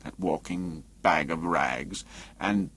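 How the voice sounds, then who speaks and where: A man's voice: sits low, slow pace, creaky, fairly bright tone, slightly rough, pitched below the performer's own voice, exaggerated voice. A man voicing a blunt, sardonic male painter with a cutting, dismissive way of talking, in an audiobook. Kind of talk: audiobook character reading.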